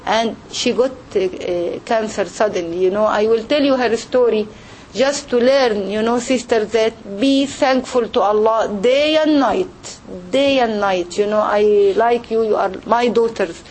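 A woman's voice: fairly high pitch, unhurried, darkish tone, a little hiss or hum, rough recording. A middle-aged woman, a pediatrician, gives a heartfelt religious talk to women, telling earnest, emotional stories and speaking to her listeners directly.

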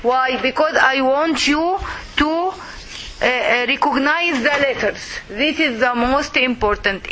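A woman teaching a Quran recitation class, slow and patient, repeating words for her students to echo. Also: high voice, bright, forceful tone, a little hiss or hum.

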